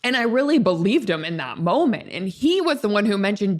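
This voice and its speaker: A young adult woman hosting a solo podcast, telling a personal story in a casual, animated way that swings between excited highs and calm low tones. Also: brisk, hardly any pauses. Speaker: podcast host.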